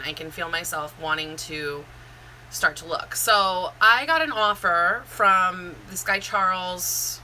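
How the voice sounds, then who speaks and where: A woman's voice: lowish voice, slow, pushed and bright, a little hiss or hum, low-quality recording. A woman, a Zumba instructor, talking candidly in a rambling, heartfelt live-stream chat, full of fillers and restarts. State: near tears.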